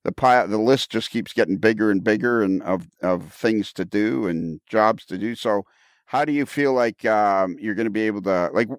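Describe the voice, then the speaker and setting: A man hosting a casual podcast conversation, enthusiastic and quick to laugh, often repeating his words, heard on a close mic. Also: on the low side, clean tone, no echo. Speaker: podcast host.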